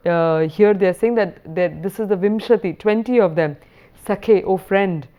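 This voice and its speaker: A woman lecturer giving a recorded university lesson, explaining patiently and reading verse slowly. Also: mid-range voice, dark tone.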